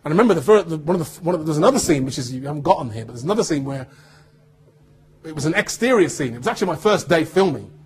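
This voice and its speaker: An English man, an actor, giving an animated anecdotal talk to students and acting out voices as he tells stories. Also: fairly high pitch, rapid-fire, slightly rough. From United Kingdom. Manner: animated storyteller, acts out voices.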